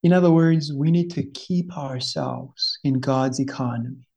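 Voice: medium pitch, a little slow, a little mellow, breathy edge. A Bible study teacher giving an earnest, fervent teaching, often stopping to exclaim and repeating words as the thought forms.

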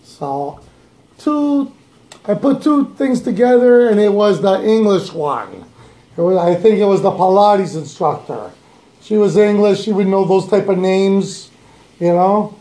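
A man's voice: high-pitched, expressive, measured pace, mellow, reverberant. A young man co-hosting a podcast, telling a story in a laid-back casual way and chuckling often. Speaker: podcast co-host. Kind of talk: casual chat.

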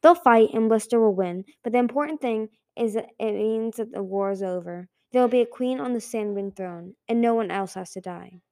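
Woman voicing a studious young male dragon, matter-of-fact, mellow read. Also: a little high, normal speed, few pauses, close to an everyday voice.

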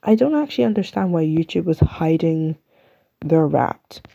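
Young english woman rambling on her own podcast, dark gravelly voice, kinda muffled mic. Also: deep voice, expressive, normal speed, a little hiss or hum. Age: young adult. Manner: chatty, rambling, self-mocking. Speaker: podcast host. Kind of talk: casual solo podcast chat.

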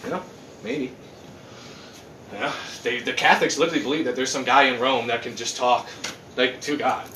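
A man's voice: medium pitch, normal speed, pauses often, slight background noise. A man ranting casually and sarcastically with lots of swearing, in a living room. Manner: profane, sarcastic, animated ranting. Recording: roomy room, mic at a distance.

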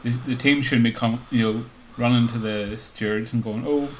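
A man in a casual panel discussion who tends to trail off quietly. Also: medium pitch, level tone, normal speed, a little hiss or hum.

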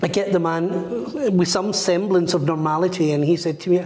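A man's voice: high-pitched, normal speed, hardly any pauses. Middle-aged guy telling a story, does the voices, pretty echoey room. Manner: animated storyteller acting out quoted voices. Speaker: medium. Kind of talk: storytelling interview chat. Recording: echoey room with long reverb.

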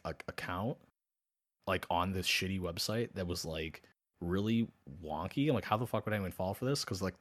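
A man with a fairly low voice tells a long story in loose podcast chat. He swears constantly and jumps between his own lines and the other person's replies, with plenty of laughs and restarts. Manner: animated, profane, acts out both sides of chats. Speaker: podcast co-host.

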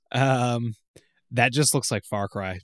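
Young adult male podcast co-host, lively swinging pitch, dry close sound, casual ranting delivery. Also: no echo. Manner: animated, ranting, acts out game moments. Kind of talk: casual chat.

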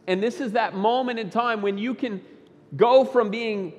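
A man preaching a Sunday sermon as pastor, emphatic, swinging between loud bursts and quiet low lines. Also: a little slow, big-room sound. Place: church sanctuary.

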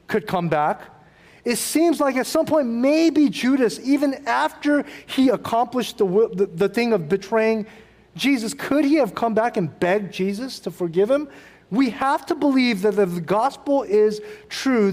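A middle-aged man delivers a sermon in a high, bright-sounding voice. He talks to the congregation casually, acting out little scenes and tossing in asides. The sound carries the long reverb of a large church hall. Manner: conversational, animated, acts out quotes with asides. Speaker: pastor.

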